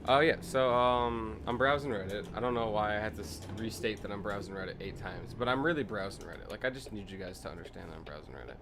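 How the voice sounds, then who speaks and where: A young man with a lowish voice rambles through a profane rant while he streams a game. He trips over his words and keeps circling back to his point. Steady noise runs under his home mic. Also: fast talker, few pauses. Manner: rambling, profane, ranting storyteller. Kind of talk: casual gameplay commentary.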